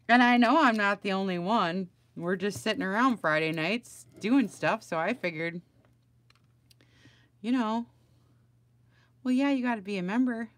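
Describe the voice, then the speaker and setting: A woman's voice: mid-range voice, a little slow, long pauses, no room sound. A middle-aged woman chatting casually on a home crafting livestream, rambling and greeting viewers by name.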